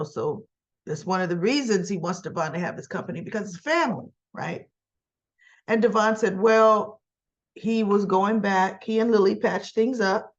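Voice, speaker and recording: A woman's voice: mid-range voice, muffled recording. A woman casually recapping soap opera scenes, retelling the dialogue in a chatty, loose way. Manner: chatty, retells scenes with quoted lines and laughs.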